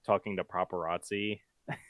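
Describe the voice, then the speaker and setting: A young man guesting on a movie podcast, animated and laughing between phrases. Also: deep voice, normal speed, no room sound. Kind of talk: casual movie podcast chat.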